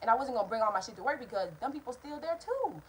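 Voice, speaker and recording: A young woman vlogger telling a storytime tale to her viewers in a casual, animated, profane way, speaking straight to them. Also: fairly high pitch, rapid-fire, rough recording. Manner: acts out quoted people in changed voices.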